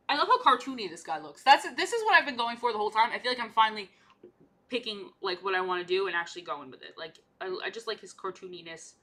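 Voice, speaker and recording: Young woman, live-stream chatter, bright higher voice, playful and repetitive while she paints. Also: big pitch swings, quick pace. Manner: chatty, repeats herself, playful silly asides. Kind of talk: casual live-stream chat.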